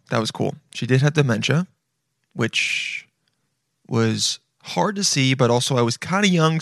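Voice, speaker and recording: A man with a gravelly, mid-range voice and a fairly bright tone hosts a podcast, delivering a casual, rambling comedic monologue. He swears freely, keeps things chummy, and calls his listeners "dude" a lot. The recording is studio quality with no room sound.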